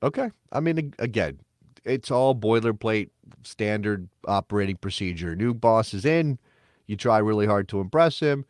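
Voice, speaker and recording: A man co-hosting a casual sports podcast, talking in an animated, emphatic and sarcastic way. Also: lowish voice, normal speed, dry recording, clean studio sound. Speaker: podcast co-host.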